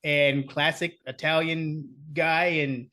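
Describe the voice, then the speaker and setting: A man's voice: fairly high pitch, flat delivery, slow, sharp tone. A man co-hosting a podcast, telling a story in casual, profane chat and laughing often. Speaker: podcast co-host.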